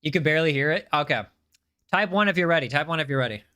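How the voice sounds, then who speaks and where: Chatty bright-voiced male streamer. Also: fairly high pitch, lively intonation, fast, clear, resonant tone. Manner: chatty, reads chat aloud, repeats himself. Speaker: game livestreamer. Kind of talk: casual livestream chat.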